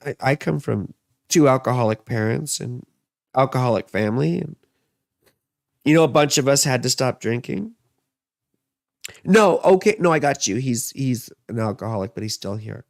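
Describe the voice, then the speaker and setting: Man, thirties, chatty astrologer, casual rambling reading, dry close mic, gravelly edge. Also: mid-range voice, lively intonation, normal speed, pauses often, no echo. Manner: chatty, rambling, frequent fillers and asides. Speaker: astrologer and tarot reader.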